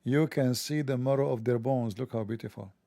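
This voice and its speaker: A man with a gravelly, mellow voice talks through a satirical monologue in a mocking, sarcastic tone. The sound is dry and close, with no room around it. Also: medium pitch, a little fast, no room sound.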